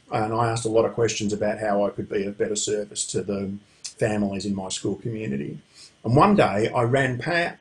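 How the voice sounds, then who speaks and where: A middle-aged man giving a conference talk, telling stories and chuckling at his own anecdotes. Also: fairly low pitch. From Australia. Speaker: conference speaker. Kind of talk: storytelling presentation.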